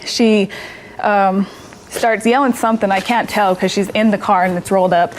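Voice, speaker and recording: A woman in a mid-range voice recounts a fight, pausing often with ums. Faint noise runs beneath her courtroom testimony. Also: mid-range voice, fairly even intonation, low-quality recording. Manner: hesitant narrating with fillers. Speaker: plaintiff. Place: TV courtroom set.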